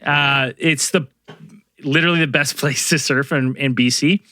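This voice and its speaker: A man's voice: mid-range voice, fairly even intonation, normal speed, pushed and bright, dry recording, studio quality. A middle-aged man, a podcast host, telling a rambling story to co-hosts with many fillers and restarts. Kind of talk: casual storytelling among co-hosts.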